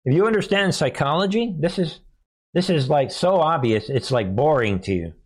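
A man hosting his own political commentary channel, talking casually to viewers, animated and chuckling often. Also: on the high side, moderate pace.

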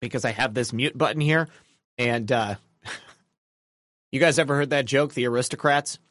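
A man hosting a casual livestream, chatty and animated as he comments and thanks viewers by name. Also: mid-range voice, unhurried, dry recording, studio quality. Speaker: livestream host.

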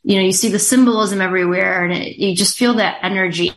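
A woman talking as a show guest, halting and earnest, full of fillers and restarts. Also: medium pitch, a bit bright. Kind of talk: casual interview talk.

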